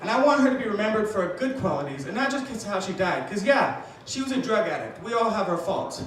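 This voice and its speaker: A man doing a stand-up comedy set, telling deadpan dark jokes and acting out voices, with audience laughter behind him. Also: high-pitched, fast. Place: comedy club stage. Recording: echoey club from far off, crowd laughing.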